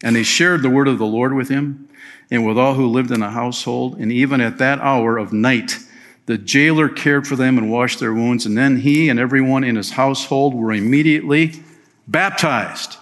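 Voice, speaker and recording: A man preaching a sermon as pastor, telling a story in a relaxed, conversational way with chatty asides. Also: medium pitch, moderate pace. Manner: slips into playful voices for quoted people.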